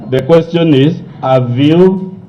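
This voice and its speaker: Firm lawyer cross-examining. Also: male voice, fairly high pitch, slow, a little hiss or hum. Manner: firm, insistent questioning. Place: parliamentary committee hearing room. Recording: dull lo-fi broadcast audio.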